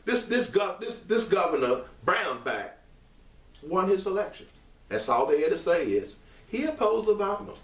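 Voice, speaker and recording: A man delivering an impassioned monologue straight to camera, emphatic and repetitive, rising to raised outbursts and settling into earnest quieter stretches. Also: a little high, very animated, normal speed, far from the mic. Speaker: online commentator. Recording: echoey room, mic set back.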